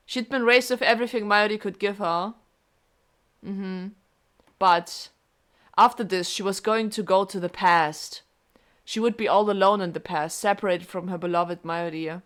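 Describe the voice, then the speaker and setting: A woman streamer reading a game aloud and reacting with emotional, expressive comments. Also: mid-range voice, unhurried.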